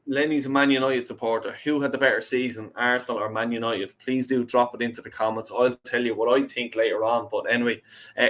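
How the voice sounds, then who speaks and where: A man's voice: medium pitch, a bit bright. A young Irish man hosting a fan call-in live stream, chatting casually, reading out chat messages and swearing freely. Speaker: host of a fan call-in show.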